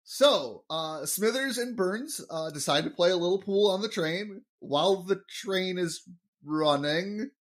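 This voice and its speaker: Rambling young man with a higher voice. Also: expressive, measured pace. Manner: rambling, with frequent fillers and laughs. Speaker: podcast host. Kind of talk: casual chat recapping an episode.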